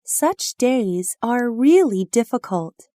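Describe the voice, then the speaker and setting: Woman reading practice phrases, very slow, bright up-and-down lilt, close dry sound. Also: a little high, expressive, dry recording. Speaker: phrase reader.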